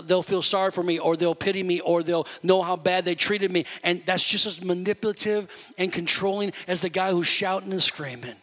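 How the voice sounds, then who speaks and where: Pastor, male, high bright voice, lively conversational sermon delivery, echoey church hall. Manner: animated, conversational preaching with church call-outs.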